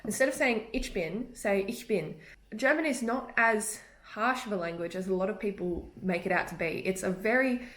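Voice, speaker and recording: Young native English-speaking woman, casual tutorial vlogger, easy laugh, middle pitch, echoey room. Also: a little fast, few pauses, fairly bright tone. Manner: chatty, laughs easily. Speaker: language tips vlogger.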